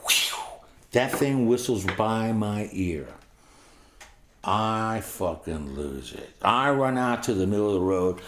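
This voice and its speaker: Deep-voiced older man telling a story. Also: expressive, slow pace, echoey room, background noise. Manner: vivid, rambling, profane storytelling. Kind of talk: first-person storytelling.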